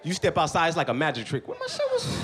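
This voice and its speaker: A middle-aged man doing a stand-up comedy set on a club stage, with loud, animated storytelling and constant swearing. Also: fairly high pitch, fast talker, very noisy.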